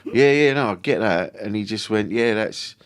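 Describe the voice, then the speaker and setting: A low-pitched man chats casually as a podcast guest. He rambles through his stories, restarting sentences and swearing freely. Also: normal speed, clean tone. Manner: rambling storyteller, self-interrupting, swears freely. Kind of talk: casual chat.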